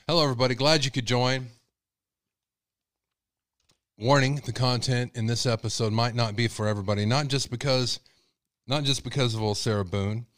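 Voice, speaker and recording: A man's voice: fairly low pitch, no room sound, studio quality. A male host telling a rambling, folksy story in a casual monologue. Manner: rambling, folksy, many fillers.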